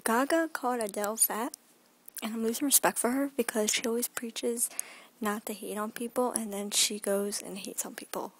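A woman's voice: on the high side, fairly even intonation, moderate pace, noisy background. A young woman in her teens chatting in a rambling daily vlog from her bedroom, often dropping into a whisper, filmed on a phone held at arm's length. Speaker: vlogger.

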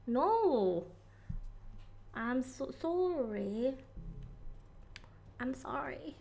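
A woman with a high, very animated voice speaks extremely slowly, with creaky texture, long pauses, and a slightly mellow quality. She's live-streaming a video game and chatting casually with viewers, giggling often and cursing whenever something startles her.

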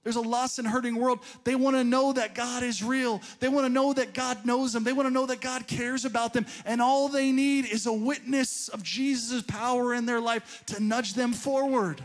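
A man with a high-pitched voice delivers a sermon in a church. He tells a personal story in an easy, conversational way. His delivery swells to emphatic peaks and sinks into quiet asides. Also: steady tone, moderate pace, few pauses. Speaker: pastor. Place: church sanctuary.

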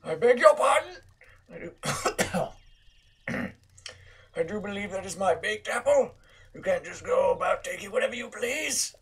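A man's voice: fairly high pitch, normal speed, slightly rough, pitched above the performer's own voice. A man voicing a polite, teasing old male hermit in formal phrasing while reading game dialogue aloud. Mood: mock indignant.

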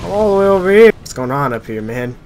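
A man's voice: fairly high pitch, very animated, fast talker, slight background noise. Young man joking through gameplay. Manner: joking, exasperated self-talk. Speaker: gaming video creator. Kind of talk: casual gameplay commentary. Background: loud game music.

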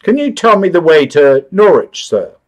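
A man's voice: on the high side, big pitch swings, moderate pace, pitched above the performer's own voice. A man doing the bewildered Man in the Moon. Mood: earnest. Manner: polite, earnest, easily startled.

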